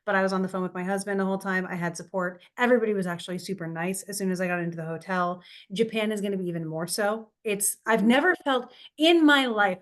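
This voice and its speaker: A woman co-hosting a casual podcast, speaking earnestly and with heartfelt emphasis. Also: mid-range voice. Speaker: podcast co-host, astrologer.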